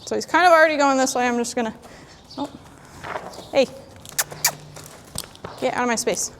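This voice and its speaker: A woman horse trainer in a sandy arena, calmly explaining while she works a young horse and talks to it. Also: high-pitched, normal speed, a little hiss or hum. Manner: calm, plainspoken, talks to the horse in between. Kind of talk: training demonstration.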